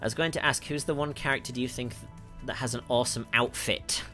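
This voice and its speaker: Northern english guy reading out chat qs on his stream, bright voice, laughy, ums and restarts a lot. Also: medium pitch, steady tone, fast talker, faint music behind. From north of England. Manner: chatty, laughs often, frequent ums and self-corrections. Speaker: music producer streamer. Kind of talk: livestream Q&A, reading chat questions.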